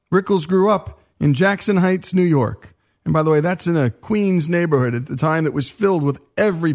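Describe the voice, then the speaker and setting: A man hosting a radio program, narrating a scripted biography segment in a measured, explanatory way. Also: on the high side, a little mellow. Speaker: radio host.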